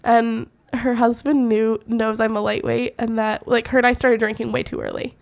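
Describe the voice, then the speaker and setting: A woman's voice: fairly high pitch, level tone, moderate pace, vocal fry. A woman co-hosting a podcast, chatting casually and telling stories with frequent giggles. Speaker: podcast co-host. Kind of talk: casual chat.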